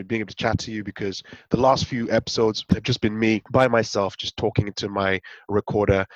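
A man with a raspy voice hosting a radio show over a video call, talking in a rambling, self-correcting way. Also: lowish voice, no room sound, dull audio. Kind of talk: casual radio chat.

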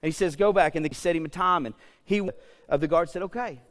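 Animated high-voiced male pastor preaching. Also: fast talker, big-room sound. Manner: animated, conversational, joking asides, repeats "okay?". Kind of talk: sermon.

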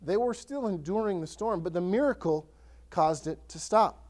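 A man preaching as a pastor in a conversational, animated way, often restarting sentences and acting out scripture. His voice is high-pitched and he speaks at a normal speed.

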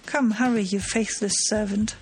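A woman reading the part of a cool, mocking gentleman thief, teasing and self-assured, in her own voice. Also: mid-range voice, fairly even intonation, moderate pace, soft background music, lightly acted.

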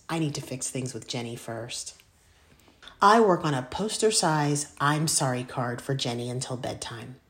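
Low-pitched female audiobook reader, expressive first-person storytelling. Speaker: audiobook narrator. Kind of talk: scripted first-person narration.

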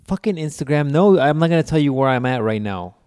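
A man's voice: a little high, fast. A man in his thirties hosting a podcast, chatting casually and ranting with plenty of swearing. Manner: profane, animated ranting. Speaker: podcast host. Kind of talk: casual chat.

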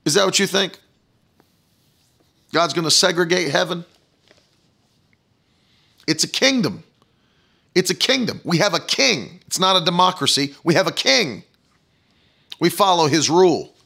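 A man's voice: high voice, lively intonation, unhurried, vocal fry, pauses often, sharp tone, slightly rough. A man preaching a fiery sermon, hammering the crowd with rhetorical questions.

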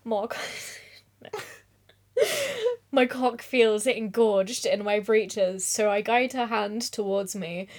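A woman's voice: mid-range voice, fairly even intonation, slow pace, pauses often. A woman co-hosting a podcast, reading a steamy passage aloud and giggling as she keeps stumbling over the lines. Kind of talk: casual podcast chat and dramatic reading.

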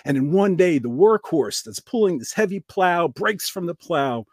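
Man telling an animated story. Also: moderate pace, no echo, clean studio sound. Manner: animated storyteller, lively pitch swings. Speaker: podcast guest. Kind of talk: casual podcast storytelling.

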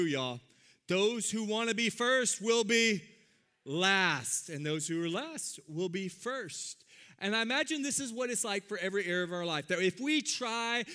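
A man preaching a sermon, animated and calling on his congregation to respond. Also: high voice. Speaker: pastor.

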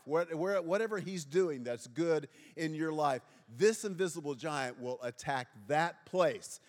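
A man's voice: fairly high pitch, big-room sound. A man in his fifties, a pastor, giving a humorous sermon to a congregation, joking at his own expense and quizzing the listeners. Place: church sanctuary before a congregation.

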